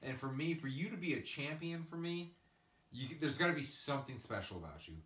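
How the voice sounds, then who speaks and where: A man hosting a casual podcast, swearing freely and ranting through animated stories. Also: on the high side, brisk, recorded from a distance. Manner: ranting, profane, animated storytelling. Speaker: podcast host. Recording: echoey room, away from the mic.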